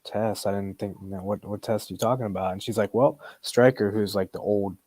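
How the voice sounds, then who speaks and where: A man with a very low voice, hosting a casual podcast. He rambles and restarts his sentences often, drifting from thought to thought. His voice is recorded dry and close. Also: steady tone, fast, dark tone, dry recording. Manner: rambling and loose, full of fillers and restarts. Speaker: podcast host.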